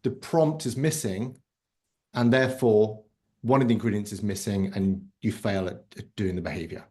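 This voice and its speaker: A man's voice: lowish voice, normal speed, warm tone. A man leading a live online masterclass on a video call, explaining ideas in a conversational way and checking in with "right?". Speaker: workshop instructor.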